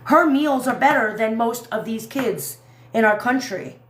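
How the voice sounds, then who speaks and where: A woman's voice: fairly high pitch, measured pace, a bit bright. A woman giving a heated, profane commentary rant on a livestream, repeating herself as she vents. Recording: echoey room.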